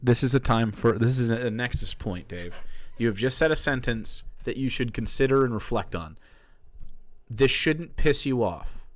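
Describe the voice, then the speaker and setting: A young man commenting sarcastically on clips during a casual stream, mocking what he hears. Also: mid-range voice.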